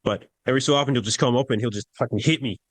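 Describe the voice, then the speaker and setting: A man's voice: mid-range voice, no room sound. A man co-hosting a podcast, rambling casually and swearing. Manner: rambling, profane, quick asides. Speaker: podcast co-host. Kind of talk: casual chat.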